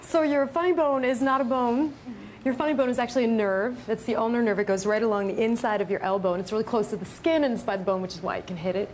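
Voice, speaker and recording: A woman's voice: a little high, fast talker, a little mellow, slight background noise, poor audio. A woman doctor on a talk show explaining medical facts in a friendly, joking way. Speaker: doctor guest. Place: TV studio.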